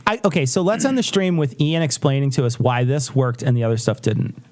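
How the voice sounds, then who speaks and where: A man co-hosting a casual livestream chat, animated, laughing often and swearing casually. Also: mid-range voice, fairly quick. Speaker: podcast co-host.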